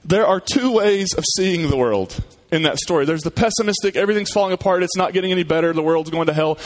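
A male pastor prays and then preaches, telling a story conversationally with frequent restarts. His voice is high-pitched and his pace quick.

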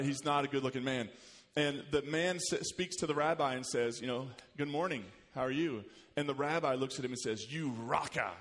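A man preaching a sermon as pastor, animated, rising in pitch and volume when he quotes scripture. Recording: long hall reverb.

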